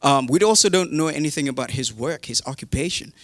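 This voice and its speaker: Male preacher with a relaxed, humorous delivery and a mid-range voice. Dry, close sound. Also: mid-range voice, quick pace, dry recording. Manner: chatty and humorous, with modern slang. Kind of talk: casual sermon retelling a Bible story.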